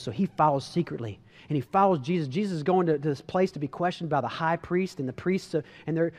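A man preaching a casual, animated sermon, telling a story and acting out the voices. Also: high voice, in a large hall. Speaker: pastor.

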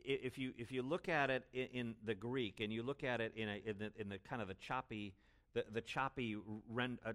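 A man preaching an expository sermon as pastor, stressing words loudly and then dropping to low asides. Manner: emphatic, swings between loud stresses and low asides.

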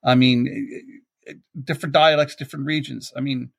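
A man's voice: medium pitch, fairly even intonation, moderate pace, gravelly. A middle-aged man with a Baltimore accent hosts a podcast in a chatty, rambling way, amused by his own stories. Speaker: podcast host. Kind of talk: casual chat.

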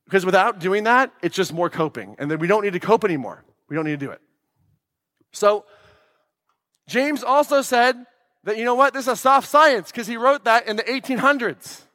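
A man's voice: sits high, lively intonation, moderate pace, bright, forceful tone, big-room sound. A man giving an emphatic, blunt motivational talk to an audience, swearing freely and asking questions of the room. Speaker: podcast host giving a talk.

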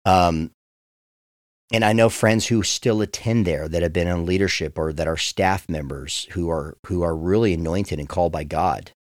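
A man's voice: low voice, moderate pace, dry recording, studio quality. A man in his forties, a pastor teaching the Bible on a podcast in an earnest, heartfelt way, often speaking straight to his listeners.

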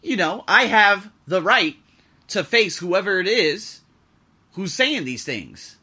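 A man's voice: high-pitched, very animated, slow pace, pushed and bright, husky. A man who teaches English talks frankly in a rambling vlog monologue, exasperated and swearing freely.

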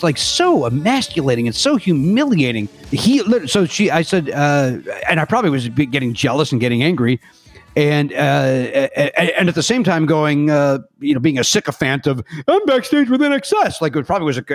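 A man's voice: a little high, no echo. Rambling storyteller man, dry close sound. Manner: rambling, self-correcting, animated quoting. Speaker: podcast guest. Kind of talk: casual storytelling chat. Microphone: remote podcast mic.

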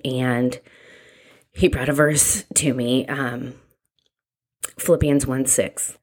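A woman, a mother, telling her own story in a candid, reflective way, halting and restarting as she goes. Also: very deep voice, little pitch movement. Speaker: mother sharing a personal story. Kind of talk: candid personal testimony.

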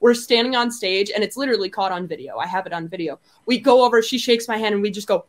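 A young woman from Wisconsin, a pageant winner being interviewed, chatting in a bubbly way and laughing often. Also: medium pitch. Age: young adult. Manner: bubbly, laughs often, speaks in quick upbeat bursts. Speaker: guest, reigning Miss America. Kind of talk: casual interview chat.

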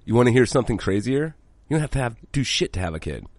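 A man's voice: mid-range voice, big pitch swings, fast talker, no room sound. A man co-hosting a casual podcast, blunt and swearing freely, rambling with frequent restarts. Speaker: podcast co-host. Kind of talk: casual chat.

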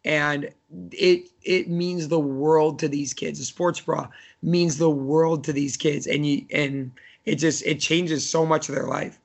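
A man's voice: a little high, steady tone, a little slow, creaky. A man in his thirties, a college soccer coach, chatting casually on a podcast in a rambling way full of fillers and restarts.

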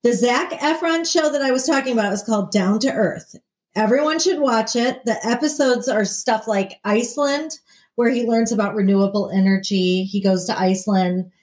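A woman's voice: on the high side, moderate pace, darkish tone. A woman co-hosting a casual chat, playful and jokey, often laughing at her own lines. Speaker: podcast co-host.

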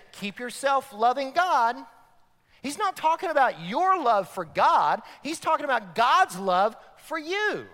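Pastor, male, high-pitched emphatic preacher, reverberant sanctuary sound. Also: fairly bright tone. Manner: emphatic, repetitive preaching with rising and falling intensity. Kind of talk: sermon. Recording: long hall reverb.

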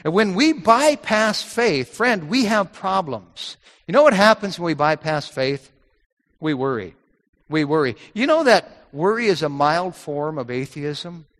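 A man's voice: high voice, big pitch swings, measured pace, a bit bright, long reverb tail. A man preaching a sermon, emphatic, repeating key phrases and quoting scripture in old-fashioned wording.

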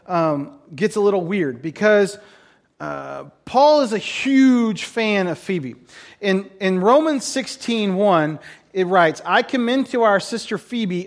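High-voiced chatty male pastor preaching. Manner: chatty, self-interrupting, acts out quick voices for laughs. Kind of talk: casual sermon with jokes.

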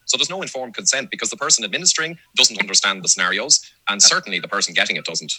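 Male guest, fast emphatic talker, bright edge, dry close sound. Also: on the low side, animated, husky, dry recording, poor audio. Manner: brisk, emphatic, laughs now and then. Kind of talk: casual discussion.

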